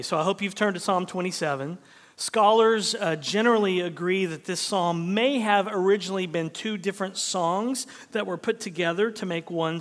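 A pastor preaching in a measured, deliberate rhythm, his fairly high voice swelling on key words and then dropping almost to a whisper. His sermon rings out through a large reverberant sanctuary, the long tail of the hall trailing each phrase. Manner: dynamic, swings from emphatic to hushed near-whispers.

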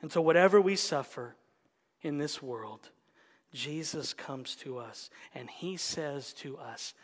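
High-voiced slow preaching man. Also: in a large hall. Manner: swings from loud emphatic stresses to hushed near-whispers. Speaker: pastor. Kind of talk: sermon.

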